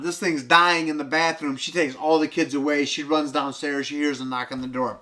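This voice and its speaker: A man comedian casually retelling a film, loose and profane, breaking into high squealing impressions and sound effects. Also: little pitch movement, normal speed, hardly any pauses, bright, forceful tone.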